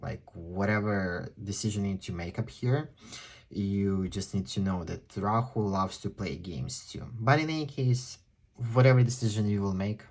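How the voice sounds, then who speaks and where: A man with a non-native English accent giving a chatty, excitable pick-a-card tarot reading. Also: lowish voice, normal speed. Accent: non-native English speaker. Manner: chatty, excitable, exclaims often. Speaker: tarot reader.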